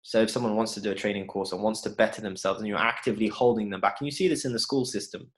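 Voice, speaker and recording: A young man on a video call, telling a personal story in an animated way and acting out the people in it. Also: fairly low pitch, rapid-fire. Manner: animated storytelling, voicing people in his anecdotes. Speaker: guest panelist.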